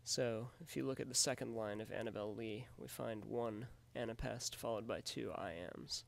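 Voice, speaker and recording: A man's voice: fairly low pitch, normal speed, creaky, few pauses. A man teaching a recorded lesson on poetry, explaining it step by step in a methodical way. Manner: methodical, explanatory, often says "in fact". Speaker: literature teacher.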